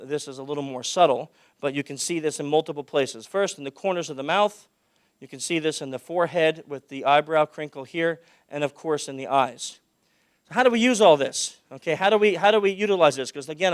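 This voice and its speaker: Loud-projecting man giving a conference talk. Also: smooth, dry recording, clean studio sound. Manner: projects loudly, drops his voice low for anecdotes. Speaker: conference speaker. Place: conference hall.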